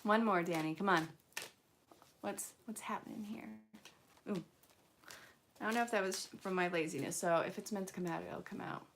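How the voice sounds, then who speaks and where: A young woman gives a live angel card reading, chatting casually and mixing guidance with playful jokes. Her voice is on the low side, fairly even and a little fast, with a fairly bright tone over slight background noise. She laughs frequently and tosses in joking asides.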